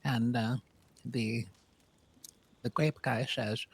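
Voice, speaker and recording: A man voicing a prim, scheming old granny in a western role-play game, with a creaky, raspy voice. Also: fairly even intonation, extremely slow. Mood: storytelling. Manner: prim and sing-song, with big pitch swings. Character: scheming old granny who wants to kill someone. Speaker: streamer, role-play player.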